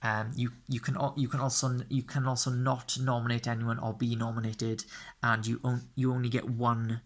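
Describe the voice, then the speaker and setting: A man's voice: mid-range voice, flat delivery, normal speed. A man explaining the rules of a game step by step. He often checks in with "okay?" and corrects himself as he goes. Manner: frequent fillers and self-corrections. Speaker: game tutor.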